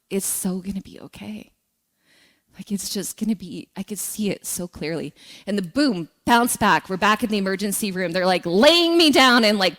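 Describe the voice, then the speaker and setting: A woman giving a spiritual talk to a congregation, telling lively personal stories and asking the audience questions. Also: mid-range voice. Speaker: guest speaker.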